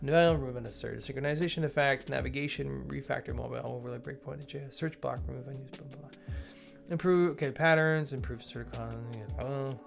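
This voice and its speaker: A man's voice: mid-range voice, fast talker, creaky, soft background music. A man hosting a casual livestream, reading changelog items aloud, greeting chat viewers and rambling with frequent self-corrections. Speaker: livestream host reviewing software updates.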